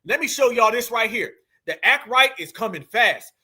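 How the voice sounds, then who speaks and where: A man reacting to a clip as a livestream commentator, animated and preachy, laughing often and speaking in slang. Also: very high voice, moderate pace, husky.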